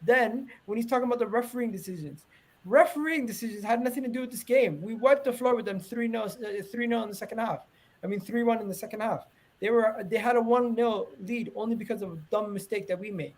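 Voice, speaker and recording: A man hosting a casual football podcast, animated and quick to jump in, calling on viewers to like the video. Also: high voice. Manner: animated, talks over others, asks the audience to engage. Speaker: podcast host.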